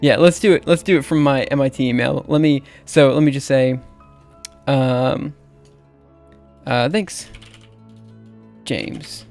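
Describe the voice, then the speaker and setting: Faint music and the click of a keyboard accompany a man in his thirties from Alabama as he chats on a livestream. His Southern-accented voice is mid-range, steady, gravelly, and a bit mellow, and his talk is hesitant, filler-laden, and self-mocking with laughter.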